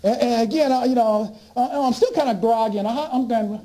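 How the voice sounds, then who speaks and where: This speaker and author's storytelling talk comes through a rough recording, his male voice extremely high and a little fast. Animated throughout, he performs his dialogues with doctors and keeps restarting sentences.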